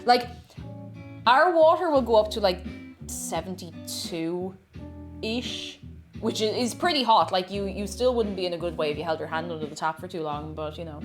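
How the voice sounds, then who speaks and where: With a lowish voice at a normal speed, a woman cooks on a live stream and chats casually over background music. She reads out viewer messages and responds to them, frequently stumbling and starting her sentences over.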